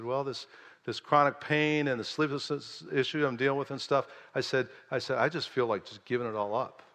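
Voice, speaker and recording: A man preaching a sermon as pastor, going from quiet storytelling to loud, rising exhortation. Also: mid-range voice, big-room sound. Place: church sanctuary.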